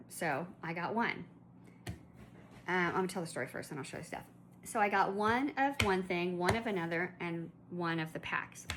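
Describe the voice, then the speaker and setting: A woman's voice: on the low side, background noise. A woman vlogger telling a shopping story in a chatty, indignant way, full of asides and restarts. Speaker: collector vlogger. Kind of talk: casual ranting storytelling.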